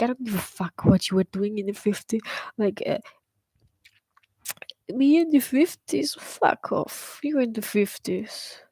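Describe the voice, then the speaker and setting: A woman's voice: medium pitch, darkish tone, dry recording, rough recording. A young adult woman hosting a solo podcast, ranting bluntly and scornfully with heavy profanity and emphatic repetition. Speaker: podcast host. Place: bedroom with an open window.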